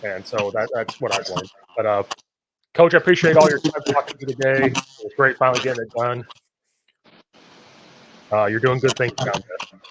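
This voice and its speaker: A young adult man hosts a casual coaching podcast. He is an animated storyteller who acts out the voices of the kids and coaches he quotes, and his voice sits at a medium pitch. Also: normal speed, long pauses, noisy background. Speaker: podcast host and football coach.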